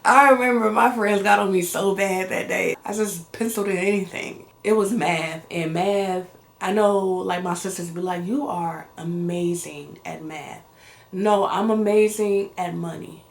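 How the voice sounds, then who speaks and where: A young American woman chatting casually in a get-to-know-me vlog, animated and slangy, laughing as she tells stories. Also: mid-range voice, normal speed, vocal fry. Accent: American English. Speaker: vlogger. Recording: roomy echo.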